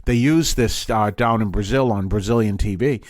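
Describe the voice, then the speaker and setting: A man's voice: lowish voice, normal speed, no room sound, clean studio sound. A man hosting a podcast, telling stories in a casual, rambling way with restarts and chuckles. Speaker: podcast host. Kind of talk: casual storytelling.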